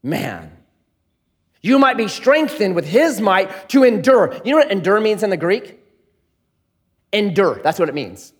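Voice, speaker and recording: Middle-aged male pastor, high and highly expressive, animated sermon delivery that drops to a hush. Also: a little slow, pauses often. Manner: animated, swings from loud playful to hushed earnest.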